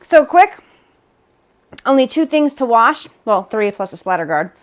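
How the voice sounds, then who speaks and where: A woman's voice: on the high side, very animated, moderate pace. A woman hosting a home cooking video, narrating each step with upbeat enthusiasm. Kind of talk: cooking demonstration.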